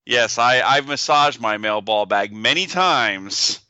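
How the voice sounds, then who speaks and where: A man's voice: medium pitch, lively intonation, slow pace, bright, forceful tone, no room sound, dull audio. A man co-hosting a podcast, joking in mock-outraged banter. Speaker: podcast co-host. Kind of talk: casual chat.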